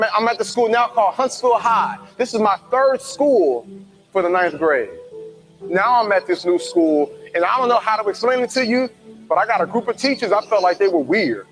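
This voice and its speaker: A man with a notably high voice tells his own story as a motivational speaker. He talks in an animated way and acts out the people he quotes. Faint music plays behind him. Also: rough recording. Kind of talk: personal storytelling talk.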